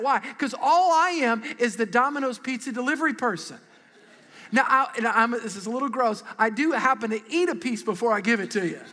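A middle-aged man, a pastor, preaching an animated, conversational sermon and calling for responses from a large congregation. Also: high voice, in a large hall. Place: large church auditorium.

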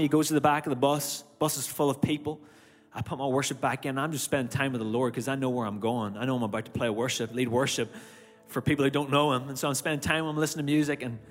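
A man's voice: on the high side, fairly bright tone. A man with an Irish accent preaching a sermon, animatedly telling a personal story and acting out his own reactions. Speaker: church speaker. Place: church auditorium. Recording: long hall reverb, faint music behind. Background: faint music.

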